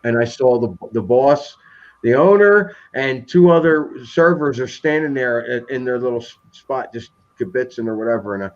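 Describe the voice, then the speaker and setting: Guy rambling thru a story on a livestream, animated, mid pitch, kinda muffled lo-fi sound. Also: moderate pace. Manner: rambling, animated, frequent restarts. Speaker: live-stream host. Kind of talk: casual storytelling chat.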